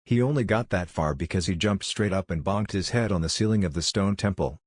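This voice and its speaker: A man narrating a fan fiction story in a flat, even reading voice. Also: sits low, fairly quick, no echo, studio quality.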